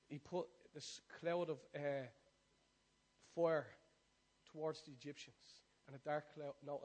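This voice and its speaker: High-voiced energetic male preacher. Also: low-quality recording. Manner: animated, builds from quiet to loud exhortation. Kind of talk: sermon.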